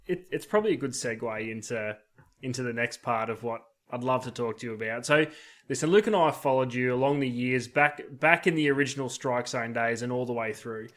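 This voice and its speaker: A man's voice: mid-range voice, a little fast, a bit bright. A man hosting a casual podcast, asking questions bluntly with casual swearing. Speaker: podcast host.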